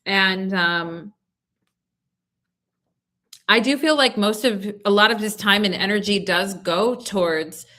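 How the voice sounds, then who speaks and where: A woman's voice: medium pitch, slow pace, long pauses, sharp tone. A young woman giving a live tarot reading, soothing and reassuring, checking in with listeners often. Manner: soothing, reassuring, lots of "okay?" check-ins. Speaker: tarot reader.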